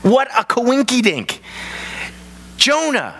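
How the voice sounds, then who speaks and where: A man preaching a sermon as pastor of his church, telling the story in an animated way and acting out the voices. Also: a little high, moderate pace. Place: large church hall. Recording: long hall reverb.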